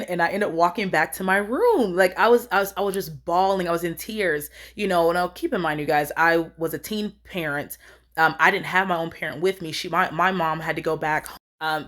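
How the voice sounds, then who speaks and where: Low-voiced woman telling a personal story. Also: moderate pace, a bit bright. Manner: rambling, earnest, acts out quoted lines. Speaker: storyteller vlogger. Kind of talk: casual storytime.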